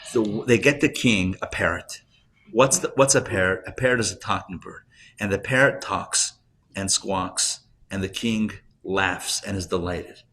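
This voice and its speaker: A man, a rabbi, teaching a live class and telling jokes, talking in a conversational way, asking the audience questions and getting loud and animated when he makes a point. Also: deep voice, a little slow. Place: classroom or synagogue hall, recorded live.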